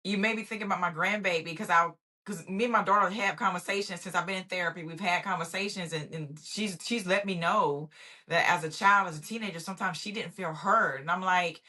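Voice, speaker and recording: A woman's voice: mid-range voice, a little fast, sharp tone. A middle-aged woman hosting a podcast, telling a family story with laughter and affirming remarks. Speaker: podcast host. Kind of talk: candid podcast conversation.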